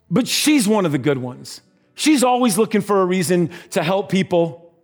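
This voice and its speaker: A man preaching by telling a story, animated and giving voices to the characters in it. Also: high-pitched. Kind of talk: sermon storytelling.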